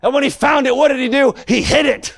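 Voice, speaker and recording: A man preaching with a high, gravelly voice, his delivery swinging between soft asides and shouted, almost sung lines. He keeps a rhythmic, sing-song preaching cadence throughout. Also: fast talker. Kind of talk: fiery sermon.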